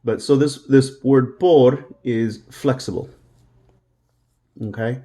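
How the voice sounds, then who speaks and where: A man's voice: medium pitch, takes it slowly, mellow. A man teaching a Spanish lesson, patiently repeating words for the listener to drill. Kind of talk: language lesson.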